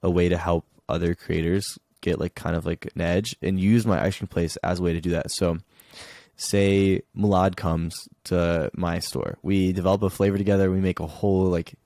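Low gravelly young guy, laid-back podcast guest, lots of "like", dark mellow tone, dry sound. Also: fairly even intonation, moderate pace, no echo. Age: young adult. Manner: laid-back, fills speech with "like". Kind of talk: casual podcast chat. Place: his childhood bedroom at home.

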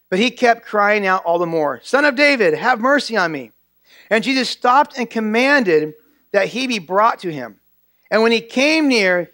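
A man's voice: high voice, a bit bright, no room sound, studio quality. A male pastor preaching a sermon in a church, earnest and repeating key phrases for emphasis.

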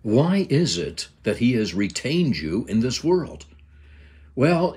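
An older man with a slightly husky voice, giving a Bible lesson in an emphatic preaching cadence and quoting scripture. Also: mid-range voice. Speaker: Bible teacher.

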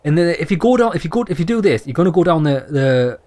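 A man's voice: on the high side, expressive, fast, a little mellow. Young guy rattling through a game, swearing a lot, blunt and dismissive. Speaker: gaming YouTuber. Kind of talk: let's play commentary, reading game text aloud.

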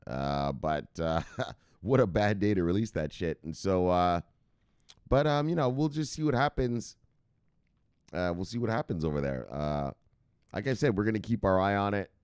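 A man's voice: low voice, animated, moderate pace, a little mellow, clear, resonant tone, dry recording, studio quality. An American man hosting a crypto news show in casual, profane, rambling commentary with mock dramatic voices.

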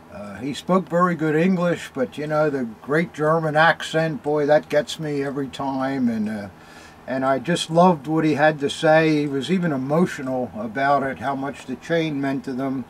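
An older man hosting a show, telling a story slowly in a rambling, casual way with many ums and uhs while smoking a cigar. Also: a little high, a little hiss or hum. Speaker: host.

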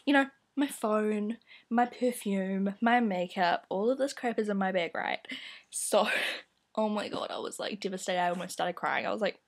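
A woman's voice: mid-range voice, fairly quick. A young woman vlogging to camera in casual chat, telling a story in a self-deprecating, giggly way. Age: young adult.

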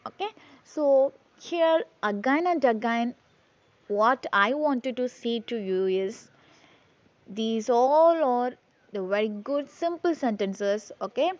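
A woman teacher, slowly drilling phrases and repeating each one for her class. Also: fairly high pitch, lively intonation, dull audio. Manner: slow drilling repetition, reads phrases twice. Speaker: English teacher. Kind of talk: classroom lesson reading aloud.

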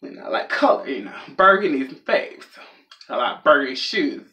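A man's voice: on the high side, sing-song, normal speed, dull audio. A young man telling a rambling, self-mocking comedic story as a vlogger. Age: young adult.

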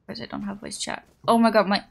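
A young woman streaming a game, chatting casually with her viewers; her voice is raspy and hoarse from just waking up, and she giggles often. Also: mid-range voice, steady tone, quick pace. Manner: bubbly, giggly, playful. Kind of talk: casual live-stream chat.

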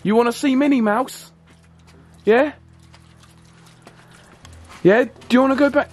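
A young man filming an acted vlog skit, shouting pleas and orders at a prankster, then calmly talking to his viewers. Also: sits high, moderate pace, pauses often, soft background music. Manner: shouting pleas and commands, then calm to-camera wrap-up. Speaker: vlogger. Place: outdoors and in a car at night.

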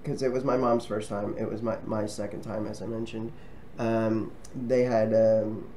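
A man's voice: lowish voice, flat delivery, moderate pace, dark tone, a little hiss or hum. A man casually talking to camera as a travel vlogger, friendly and rambling, with frequent ums and restarts. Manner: friendly and chatty.

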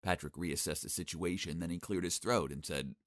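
A man's voice: low voice, brisk, no echo, clean studio sound. Cocky young man narrating a story. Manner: cocky, sarcastic, expressive. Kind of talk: first-person animated story narration.

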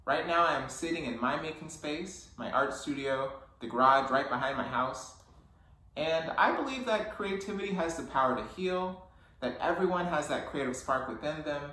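A children's book author and illustrator hosts a friendly craft video from an echoey garage studio, his voice high, bright, and forceful. He sounds upbeat and encouraging, with the mic at a distance and faint background noise.

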